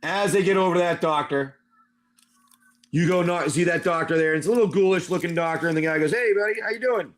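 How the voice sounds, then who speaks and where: With a fairly high, steady voice and a brisk delivery, a man game-masters a tabletop wasteland adventure on his live stream. He rambles loosely and calls on his players by name.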